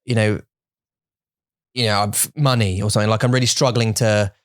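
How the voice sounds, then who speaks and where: A man's voice: lowish voice, fairly even intonation, normal speed, no echo. Guy rambling on his podcast, lots of restarts, mixes in mandarin bits, dry close mic. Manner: joking, self-deprecating. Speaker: podcast co-host. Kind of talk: casual chat.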